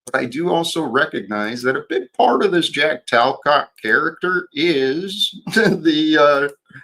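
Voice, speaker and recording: A man hosting his own livestream, talking in a slow, reflective way with frequent restarts. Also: a little high, animated, pushed and bright. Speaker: livestream host. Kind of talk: casual livestream chat.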